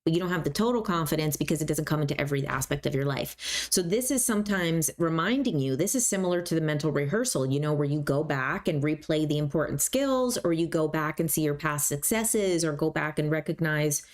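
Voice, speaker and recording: A woman's voice: low-pitched, animated, a little fast. A woman hosting a self-help talk, speaking casually and conversationally with many fillers. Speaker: host.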